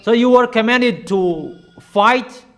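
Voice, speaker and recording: Male preacher, high-pitched, emphatic and repetitive sermon delivery. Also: slow, fairly bright tone. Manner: repetitive, emphatic declarations in plain broken English.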